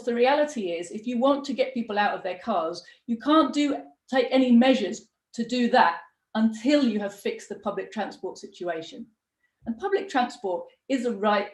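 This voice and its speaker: A middle-aged woman hosts a live political panel from an echoey room. Her voice sits a little high, and she talks in a passionate, emphatic, conversational way. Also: darkish tone. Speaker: party deputy leader hosting a live broadcast. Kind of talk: political broadcast, hosting a panel.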